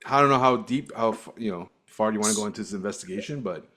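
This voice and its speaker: A man's voice: on the low side, fast talker, fairly bright tone. A man co-hosting a podcast, telling stories in casual chat with frequent laughter and restarts, from Cyprus. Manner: storytelling, laughs often, restarts. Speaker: podcast co-host.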